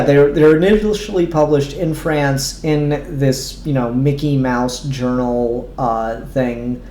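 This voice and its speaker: A man's voice: mid-range voice, a little mellow, slight background noise. A man reviewing comics in a casual chat, rambling with lots of ums and restarts and casual swearing. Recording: echoey room with faint ambience.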